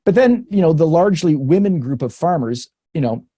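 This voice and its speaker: A man's voice: a little high, expressive, a little fast, hardly any pauses, dark tone, no room sound, studio quality. A Canadian man, a researcher guest in a webinar conversation, talking frankly and thinking aloud with many restarts and the odd laugh. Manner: laughs between points.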